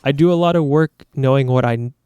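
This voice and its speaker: A male YouTuber thinks aloud to his viewers in an unscripted, reflective monologue. His voice sits at an ordinary middle pitch. He comes across as earnest and self-critical, and his thoughts ramble as he goes. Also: fast, dark tone, smooth.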